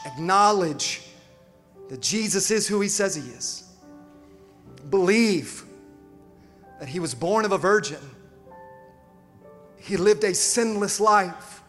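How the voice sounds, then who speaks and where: A man's voice: high-pitched, a bit bright, long reverb tail. A man, a pastor, preaching an urgent sermon and leading a repeat-after-me prayer in a large church. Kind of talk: sermon with altar call and prayer. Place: large church with several campuses.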